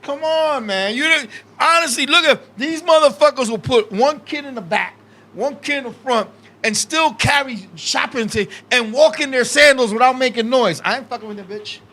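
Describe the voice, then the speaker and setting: A man telling wild stories on a casual podcast, animated and profane, now and then bursting into shouts. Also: very high-pitched, moderate pace. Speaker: guest, independent wrestler.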